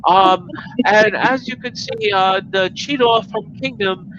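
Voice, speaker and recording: A man's voice: sits high, takes it slowly, dull audio, background noise, voice pushed up. A man imitating a rude male toy reviewer who talks in a crude, abrasive way. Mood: snide.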